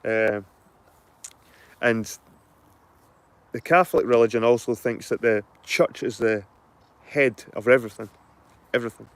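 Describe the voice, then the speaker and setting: A man's voice: mid-range voice, fairly even intonation, measured pace, pauses often, smooth. A middle-aged man with a Scottish accent, chatting casually to his viewers, rambling, repeating himself and swearing freely. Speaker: channel host.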